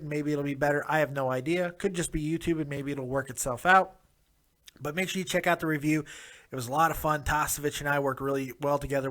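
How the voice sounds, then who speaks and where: A man's voice: fairly high pitch, a bit bright. A man hosting a casual review vlog, talking to his viewers in an upbeat, rambling way. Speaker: wrestling show reviewer, host.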